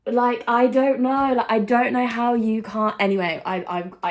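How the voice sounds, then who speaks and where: A woman's voice: medium pitch, level tone, moderate pace, few pauses. A young woman chatting casually while getting ready, emotional and effusive, swearing and saying "like" constantly. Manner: emotional, effusive, swears often, says "like" a lot. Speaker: vlogger. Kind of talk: casual get-ready-with-me chat.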